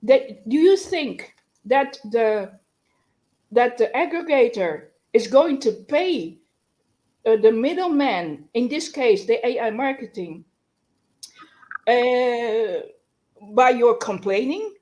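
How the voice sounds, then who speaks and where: A woman with a raised, higher voice hosts a live news stream. She talks slowly and haltingly, stumbling and restarting often, with an exasperated, complaining edge. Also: animated, darkish tone, lo-fi sound.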